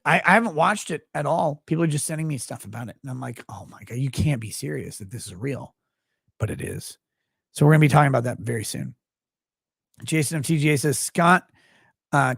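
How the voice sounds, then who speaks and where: Gravelly, sardonic streamer reading chat. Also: male voice, medium pitch, dry recording, studio quality. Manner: sardonic, jokey, with sudden loud outbursts and quiet asides. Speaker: show host.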